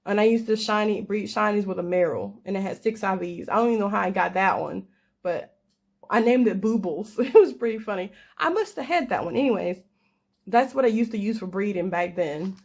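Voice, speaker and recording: A woman's voice: mid-range voice, a little fast, creaky, darkish tone. Young woman chatting away casually, rambly and jokey about herself. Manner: chatty, rambling, self-deprecating with laughs. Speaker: crafter and gamer. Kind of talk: casual storytelling chat.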